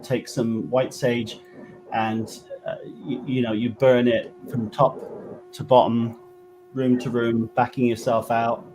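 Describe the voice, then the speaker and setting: Halting West Country English man. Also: medium pitch, flat delivery, a little mellow, a little hiss or hum, low-quality recording. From England. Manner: halting, many fillers and restarts. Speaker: guest medium. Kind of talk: casual interview chat.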